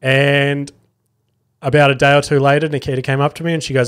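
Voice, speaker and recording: A man's voice: mid-range voice, little pitch movement, brisk, fairly bright tone, clear, resonant tone. An Australian man hosting a casual solo podcast, rambling through a story and swearing often. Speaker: podcast host.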